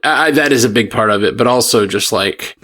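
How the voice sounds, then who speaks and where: A man's voice: mid-range voice, brisk, fairly bright tone. A man co-hosting a podcast, talking casually, agreeing easily and stumbling over his restarts. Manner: stammering restarts, easygoing agreement. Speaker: podcast co-host. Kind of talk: casual chat.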